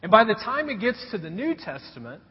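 A man's voice: high voice, fairly quick, husky. A man preaching a sermon, telling stories and asking the congregation rhetorical questions. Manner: animated storytelling with rhetorical questions. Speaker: pastor. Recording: dull recording in a reverberant hall.

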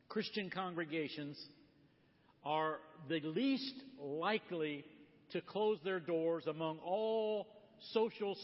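Guest preacher, male, slightly high voice, spins a story from the pulpit; muffled, echoing church sound. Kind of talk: sermon. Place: church sanctuary. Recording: long hall reverb, dull lo-fi sound.

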